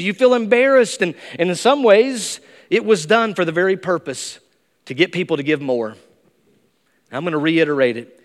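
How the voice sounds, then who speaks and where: Male pastor, sermon delivery, fairly high voice, long church-hall reverb. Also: brisk. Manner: emphatic, rises to high excited bursts. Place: church sanctuary.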